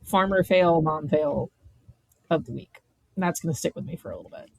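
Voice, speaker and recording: A woman in her thirties from Maryland, a podcast guest telling a story in a blunt, animated way and swearing freely. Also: low voice, normal speed, vocal fry, dry recording, rough recording. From Maryland, USA. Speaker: podcast guest, vineyard owner. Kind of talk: casual chat, storytelling.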